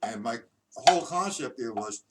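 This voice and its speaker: A man's voice: medium pitch, lively intonation, moderate pace. A man teaching drums in a live stream, counting beats aloud in a loose, chatty way. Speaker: drum instructor. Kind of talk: live-streamed drum lesson. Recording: distant mic, loud background noise.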